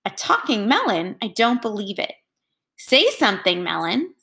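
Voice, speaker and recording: A woman's voice: mid-range voice, sing-song, moderate pace, bright, forceful tone. A woman voicing a proud male king who grows impatient and gives commands. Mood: commanding.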